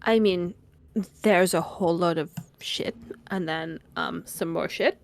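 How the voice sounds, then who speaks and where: A woman's voice: fairly low pitch, a little slow, gravelly, no room sound. A woman playing a tabletop game, talking bluntly and swearing casually. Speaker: player.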